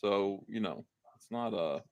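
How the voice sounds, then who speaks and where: A man's voice: fairly low pitch, unhurried, gravelly, a little mellow, dry recording. Man hyping a live stream. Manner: hyping, reads donations aloud. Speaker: stream host. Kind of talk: casual live-stream chat.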